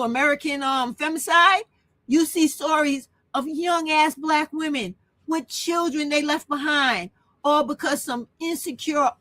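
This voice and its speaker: A woman with a high, fairly bright voice rants on her own channel in a blunt, profane, emotional monologue. The recording has no echo.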